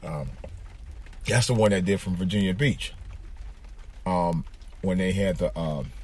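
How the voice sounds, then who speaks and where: Man, deep voice, husky, podcast host, rambling casual talk, in a car. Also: a little slow, darkish tone. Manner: rambling, repeats himself, many fillers. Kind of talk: casual monologue. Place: in a car, driving.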